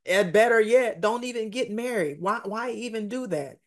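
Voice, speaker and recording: Brief: a woman doing a casual, dismissive scoffer, voice dropped a little lower. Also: moderate pace, lightly acted. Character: worldly adult scoffing at marriage rules.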